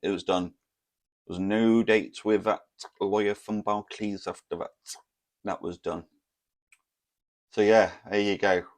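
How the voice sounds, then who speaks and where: Man, 30s, low pitch, casual vlog storytelling, self-mocking. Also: little pitch movement, measured pace, long pauses. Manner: rambling, self-mocking, full of fillers and asides. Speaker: vlogger.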